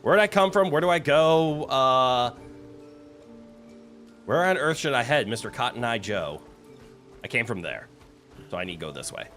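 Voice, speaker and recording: A man's voice: medium pitch, big pitch swings, moderate pace, long pauses, a bit bright, soft background music. A man streaming a video game, chatting casually, reading game text aloud and reacting with playful exclamations. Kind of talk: casual gameplay commentary.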